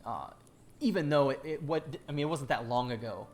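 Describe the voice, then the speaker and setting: A man narrating as game master of a tabletop fantasy game, halting and full of fillers and restarts. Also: medium pitch.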